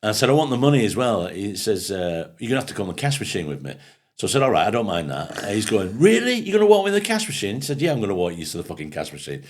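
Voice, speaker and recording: Low-voiced English comedian telling animated stories. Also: male voice, fast, breathy edge. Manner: animated storyteller, acts out quoted voices, swears freely. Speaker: podcast co-host and comedian. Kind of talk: casual pub-style chat, telling stand-up anecdotes.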